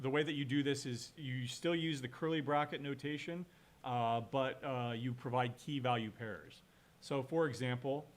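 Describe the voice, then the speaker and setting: A man lecturing on programming while he codes, thinking aloud, correcting himself and asking the class questions. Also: mid-range voice. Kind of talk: live-coding lecture.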